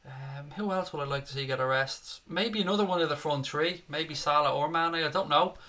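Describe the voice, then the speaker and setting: A man's voice: a little high, fairly quick, pushed and bright. A man hosting a live football watchalong, chatting casually and reading out viewer comments with a matey, joking manner. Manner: chatty, matey, jokey, says "mate" often.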